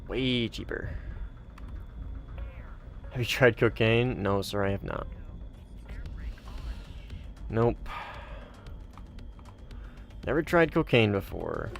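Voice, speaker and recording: A man's voice: on the low side, big pitch swings, takes it slowly, gravelly, pauses often, soft background music. A tired man chatting casually with friends while gaming late at night, laid-back and joking, swearing freely. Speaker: gamer playing with friends on voice chat. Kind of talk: casual gameplay chat.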